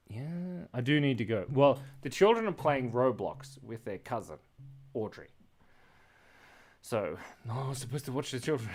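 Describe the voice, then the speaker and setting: A man's voice: medium pitch, darkish tone. A man hosting a live drawing stream, chatting casually and playfully while he sketches. He rambles, jokes with the chat and laughs often.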